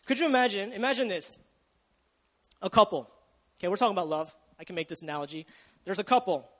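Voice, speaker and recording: A young man preaching in a relaxed, conversational way, with a light, high voice. He keeps asking his listeners questions and stumbles over restarts, and his words ring out with a long hall echo. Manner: casual, chatty, asks the audience questions, self-interrupting. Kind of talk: sermon.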